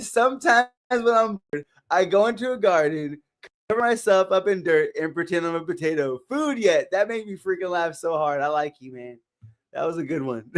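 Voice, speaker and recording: Upbeat high-voiced man hosting a live stream. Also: big pitch swings, a little slow. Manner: upbeat, greets viewers by name, laughs often. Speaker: livestream motivational host. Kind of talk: live stream chat reading. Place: home livestream setup.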